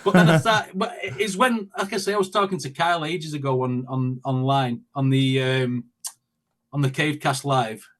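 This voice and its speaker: A man's voice: mid-range voice, normal speed, slight background noise. A man chatting as an interview guest, telling stories animatedly with quoted asides. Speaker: guest, reaction video creator. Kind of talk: casual interview chat.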